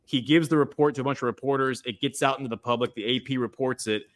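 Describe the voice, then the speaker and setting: A man's voice: medium pitch, fairly even intonation, quick pace. Rambling man on a livestream. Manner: rambling, many restarts and fillers. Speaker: guest commentator. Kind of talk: livestream political discussion.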